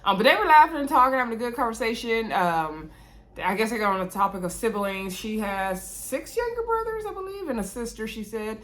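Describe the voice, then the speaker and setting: A woman's voice: animated, brisk, a bit bright. Sassy chatty woman recapping reality TV. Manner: chatty, sassy asides, big pitch swings. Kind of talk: casual episode recap.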